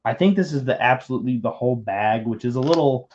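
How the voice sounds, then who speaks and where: A man's voice: mid-range voice, quick pace, a little mellow, a little hiss or hum. A man hosting a livestream, chatting casually and teasing his co-host while building, with rambling talk and frequent restarts. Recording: muffled lo-fi stream audio.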